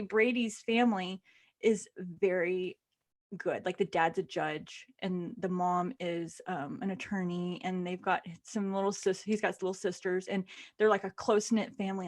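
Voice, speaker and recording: A woman co-hosting a podcast, casually and excitedly retelling a book she loved, with lots of fillers. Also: medium pitch. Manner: animated and gushing, lots of fillers. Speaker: podcast co-host.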